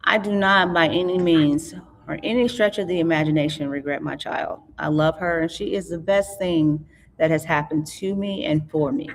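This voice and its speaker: A middle-aged woman, an author and interview guest, telling her life story in an earnest, reflective way, often halting and restarting. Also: low voice, fairly even intonation. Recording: long hall reverb.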